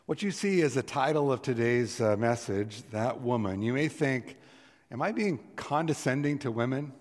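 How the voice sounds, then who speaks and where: Middle-aged pastor in a reverberant sanctuary. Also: male voice, mid-range voice, normal speed. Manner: earnest, swells with emphasis on key words. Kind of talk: sermon with scripture reading. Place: church sanctuary. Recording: long reverb of a church sanctuary.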